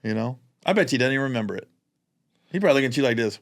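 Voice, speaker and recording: Gravelly, animated male comedian telling stories. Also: rapid-fire. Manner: animated storytelling, acting out quotes in high voices. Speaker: podcast co-host, comedian. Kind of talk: casual storytelling chat.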